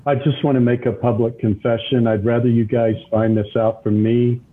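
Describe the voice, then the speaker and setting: A man with a Texan accent joins a video call with a joking drawl. His pitch is mid-range. The audio is tinny and phone-like, with a faint hiss underneath. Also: flat delivery, moderate pace. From Texas, US. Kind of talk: casual chat.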